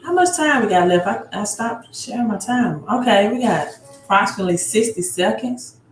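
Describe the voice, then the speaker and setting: A woman's voice: medium pitch, animated, normal speed, soft background music. A woman hosting a live stream about credit. She greets viewers by their cities in a casual chat and often adds tag questions. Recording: roomy home room with faint background noise.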